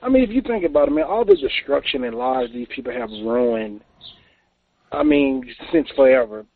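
A man's voice: mid-range voice, expressive, normal speed, creaky. A male caller talking angrily on a phone-in, rambling with many fillers. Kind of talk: phone-in talk. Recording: tinny phone line with faint noise.

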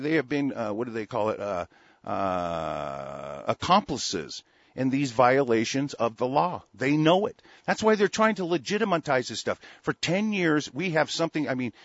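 A man's voice: mid-range voice, fairly bright tone, no room sound, muffled recording. A man in an angry, profane political rant, heated and repetitive.

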